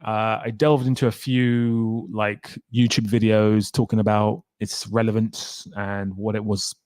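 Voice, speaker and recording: A man's voice: on the low side, flat delivery, a little slow, a little mellow, clear, resonant tone, no room sound, clean studio sound. Chatty man reading stream chat. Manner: chatty, wry, reacts to chat comments. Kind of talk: casual live-stream chat.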